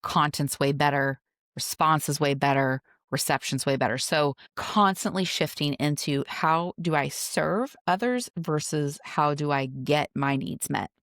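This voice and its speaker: A woman with a low voice hosts a solo podcast, recorded dry and close with no room sound. She talks in a relaxed, conversational way. She walks through her points with playful exaggeration. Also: measured pace, no echo. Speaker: podcast host.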